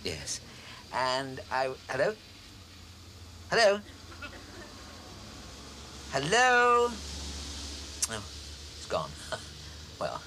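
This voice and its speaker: A flustered forty-something son. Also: male voice, medium pitch, huge pitch swings, extremely slow, long pauses, noisy background, exaggerated voice. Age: 40s. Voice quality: flustered, apologetic and mild. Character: meek, fussy middle-aged son, nervous and apologetic. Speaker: grown son. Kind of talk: studio sitcom acting. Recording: studio audience laughter. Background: audience laughter.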